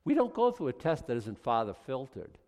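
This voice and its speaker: In a big-room setting, a man with a medium-pitched voice that swoops wildly preaches a sermon at a fairly quick pace. He reads scripture aloud and comments on it, sometimes building to loud, emphatic passages.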